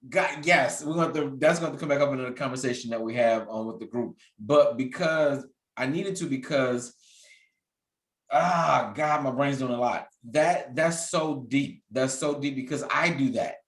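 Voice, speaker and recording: A podcast host in his thirties leads a casual conversation, speaking candidly and reflectively while often restarting his sentences. His medium-pitched voice comes at a moderate pace, with a roomy sound and low recording quality.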